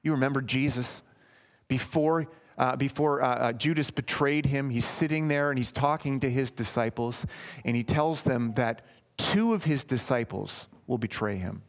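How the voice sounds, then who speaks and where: A man's voice: mid-range voice, normal speed. A man preaching a sermon in an earnest, emphatic way, speaking directly to his listeners as friends.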